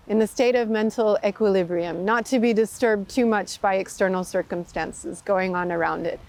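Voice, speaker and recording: A woman meditation teacher telling a story and giving a spiritual talk in a lively, expressive way. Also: a little high.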